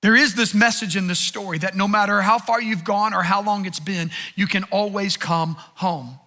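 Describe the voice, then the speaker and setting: A man's voice: high voice, fairly even intonation, moderate pace, sharp tone. A man pastor giving an earnest, conversational sermon with repeated phrases.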